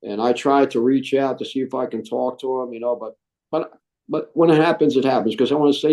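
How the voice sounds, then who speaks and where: A middle-aged Marine veteran speaks fairly quickly in a mid-range voice during an interview about his life. He's lively, playing out the voices of the people he quotes.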